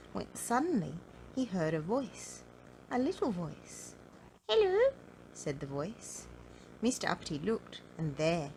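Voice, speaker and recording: A woman reading a children's picture book aloud in an expressive, sing-song storytelling manner. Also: on the low side, a little hiss or hum, rough recording. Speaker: storybook reader.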